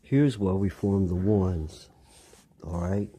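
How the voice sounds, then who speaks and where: A man's voice: low-pitched, slow, warm tone, slight background noise. A man delivering a rambling monologue, lecturing listeners, repeating phrases and asking them pointed questions.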